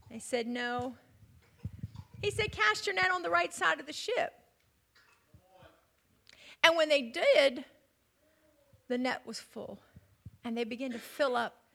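A woman preaching a sermon, telling the story dramatically, dropping to near whispers and building to loud emphatic peaks. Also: high-pitched.

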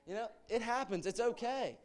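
A man's voice: very high-pitched, normal speed. A young man giving an informal, earnest church sermon as a guest speaker, urging his listeners on with conversational asides.

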